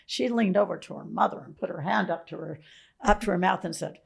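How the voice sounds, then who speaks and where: A woman guest in a conversation, telling stories in a reflective, musing way, often clearing her throat. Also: on the low side, a little fast.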